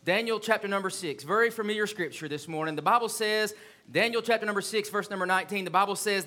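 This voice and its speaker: A man's voice: sits high, pushed and bright. A man preaching a sermon as pastor, reading scripture and asking the congregation rhetorical questions with rising fervor. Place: church sanctuary.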